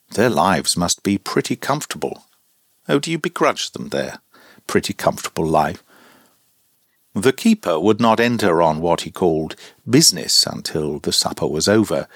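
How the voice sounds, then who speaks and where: A man with a very low voice that moves about a lot, reading an old text aloud and stopping for wry, amused comments. The sound is dry and close to the mic. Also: slightly rough, no room sound. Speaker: reader.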